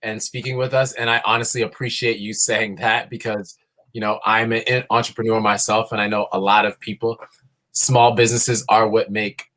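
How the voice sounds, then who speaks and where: A man hosting a casual live show, halting with many fillers and restarts. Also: lowish voice, level tone, a bit bright. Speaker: livestream host.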